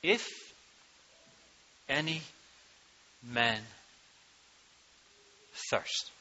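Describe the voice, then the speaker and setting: A man preaching a sermon into a microphone to his congregation, slow and emphatic, rising to loud cries on key words, speaking with a turn of phrase. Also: medium pitch, animated, slight background noise. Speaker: pastor. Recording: dull lo-fi sound.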